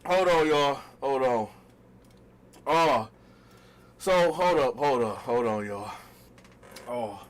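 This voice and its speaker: A man telling a personal story in a casual storytime vlog, animated and slangy, talking straight to his viewers. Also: mid-range voice, slow, long pauses. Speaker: storytime vlogger.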